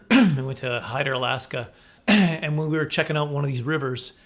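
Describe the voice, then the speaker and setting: A Canadian comedian vlogger in his forties tells a rambling story to camera, correcting himself as he goes and laughing often. His voice is a little high, at normal speed.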